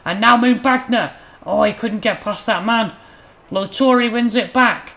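A man hosting a gaming channel, commentating his own football game matches in a mock match-commentary style, flaring up loudly on near misses and goals. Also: high voice, measured pace. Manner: excitable, bursts loud on chances and goals. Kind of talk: playful mock match commentary over gameplay.

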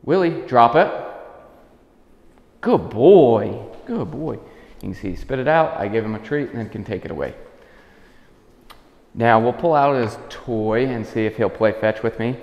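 A man working as a dog trainer, calmly explaining a demonstration and giving soft commands to a dog indoors in a house. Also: fairly low pitch, moderate pace, long pauses. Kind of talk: instructional demonstration. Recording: echoey room with long reverb, dull lo-fi sound.

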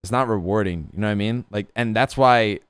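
A man's voice: lowish voice, a little fast, smooth, dry recording. A young man chatting casually as a guest, rambling with lots of fillers and casual swearing. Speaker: guest streamer. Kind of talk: casual chat about roleplay gaming.

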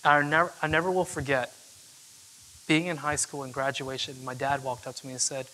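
A man's voice: medium pitch, level tone, brisk, bright, forceful tone, slight background noise. A young man giving a casual, chatty storytelling talk to an audience, full of fillers. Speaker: keynote speaker. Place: event hall with audience. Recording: long hall reverb.

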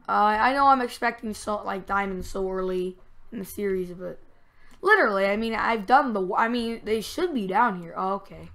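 A woman giving casual, rambling commentary while playing a video game, now and then breaking into excited yells. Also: medium pitch. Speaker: gamer.

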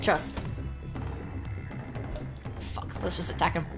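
A young Australian woman streaming a game live, excitable and quick to swear and laugh as she chats with her viewers. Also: loud music behind the voice. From Melbourne, Australia. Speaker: livestreamer. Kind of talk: casual live game commentary.

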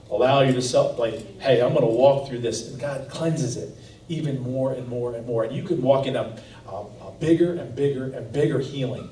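A man's voice: mid-range voice, darkish tone, slight background noise. A man preaching a conversational, earnest sermon as pastor, reading scripture and explaining it to his congregation. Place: church sanctuary. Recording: roomy, distant live church recording.

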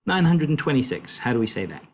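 A man tutoring a language lesson, explaining slowly and patiently with fillers and self-corrections. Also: mid-range voice, very animated, a bit bright, a little hiss or hum.

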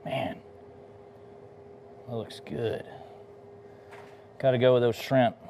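A man's voice: mid-range voice, steady tone, slow pace, mellow, a little hiss or hum. Easygoing bbq guy, middle aged, hosting a live cook, talking with his mouth half full. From Texas. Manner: laid-back and enthusiastic, talking between bites. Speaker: barbecue pitmaster hosting a cooking livestream. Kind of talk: casual live cooking demo chat.

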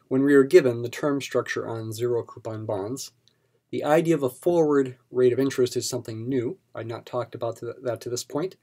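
A man's voice: medium pitch, dark tone. A man teaching a recorded math lesson in a patient, explanatory way, repeating key terms for emphasis. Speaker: math instructor.

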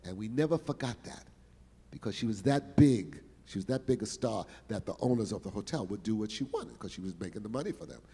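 Lively older man telling stories, gravelly. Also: on the low side, a little fast, long reverb tail. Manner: lively, exclamatory, repeats words for emphasis. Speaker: guest performer telling stories. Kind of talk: animated storytelling interview. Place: stage in a large hall.

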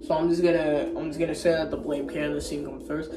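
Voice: medium pitch, flat delivery, fast talker, hardly any pauses, roomy sound, noisy background. A vlogger giving a rambling, casual movie recap, often second-guessing the plot order and using slang. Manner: rambling, unsure of itself, slangy.

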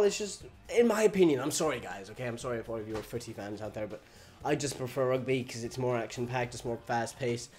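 A man's voice: medium pitch, animated, fast talker, a little mellow. A teenage boy in a casual vlog, chatting and joking as he reads out and answers viewer questions, swearing now and then. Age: teens.

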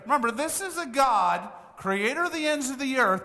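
Bright-voiced man in his sixties preaching. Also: high voice, very animated, normal speed. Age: 60s. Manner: conversational, emphatic preaching with asides and laughs. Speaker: pastor. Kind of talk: sermon. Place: church sanctuary. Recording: church hall reverb.

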